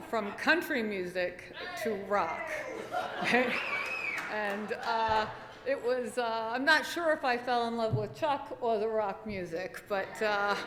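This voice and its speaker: A woman giving a chatty, halting speech at an awards dinner, with plenty of fillers and small laughs. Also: medium pitch, fairly bright tone. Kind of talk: nervous, chatty acceptance speech. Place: banquet hall at an awards dinner. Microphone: podium microphone. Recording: echoey banquet hall with faint noise.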